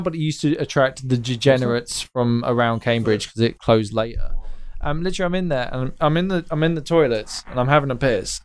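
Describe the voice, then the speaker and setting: A man's voice: mid-range voice, clean tone. A man, hosting a podcast in casual chat and telling rambling, sweary anecdotes. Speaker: podcast host.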